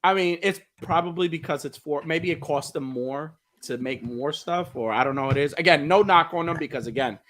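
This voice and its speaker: A middle-aged man hosting a casual toy podcast chat, animated and laughing often as he tells stories. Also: a little high, brisk, few pauses. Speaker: podcast host.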